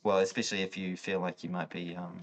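A man, hosting a podcast in a relaxed conversation. He agrees readily and laughs along with his guest. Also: low-pitched, quick pace. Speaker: podcast host. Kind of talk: casual conversation.

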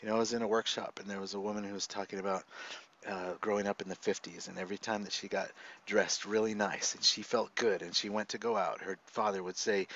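A man, a podcast guest, telling stories in a lively, conversational way and laughing often, heard over a video call. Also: on the low side, highs cut off. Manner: animated, laughs often, quick asides. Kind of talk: conversational storytelling.

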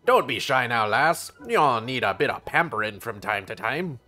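A bright folksy pirate-ish trader, bouncy and salesy, game music behind. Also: male voice, mid-range voice, big pitch swings, moderate pace. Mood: jovial. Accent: put-on old-fashioned pirate-ish. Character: cheery seafaring merchant man, shrewd. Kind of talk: game voice acting.

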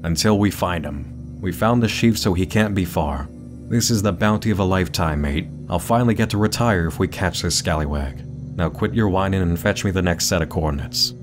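A man's voice: deep voice, brisk, over music, close to an everyday voice. A man doing a scheming privateer captain. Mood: gruff.

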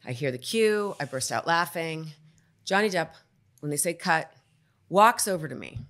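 A woman on a podcast telling a story about a film set, animated and acting out what people said. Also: low voice, normal speed. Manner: animated storyteller, acts out quotes. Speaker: podcast guest.

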